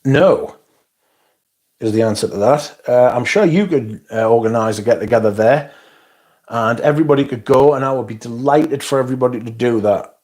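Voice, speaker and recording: A man's voice: mid-range voice, normal speed, darkish tone. A man hosting a casual livestream, reading out viewer comments and answering them in a blunt, sweary, sardonic way. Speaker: livestream host.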